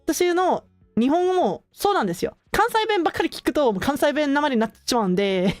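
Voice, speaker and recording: A young woman streamer chatting casually with her viewers, relaxed and full of filler words, often laughing between thoughts. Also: sits high, racing, dry recording, soft background music. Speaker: streamer hosting her own channel.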